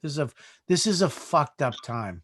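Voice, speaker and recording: A man hosting a live comedy chat show over a video call, talking casually with lots of swearing and halting restarts. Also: fairly high pitch, sing-song, fairly bright tone, no room sound. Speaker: host.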